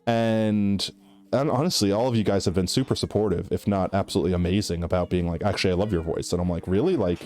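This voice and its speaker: A man's voice: sits low, steady tone, quick pace, darkish tone. A male live streamer with a nasal voice, chatting casually and rambling with lots of "like" and "right?" while he plays. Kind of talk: casual chat while gaming.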